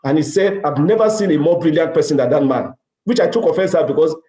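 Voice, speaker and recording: A fast-talking middle-aged Nigerian man with a warm, fairly high voice and a Nigerian accent addresses a conference. His motivational business talk includes acted-out dialogue and emphatic repetition, recorded with the echo of a large hall.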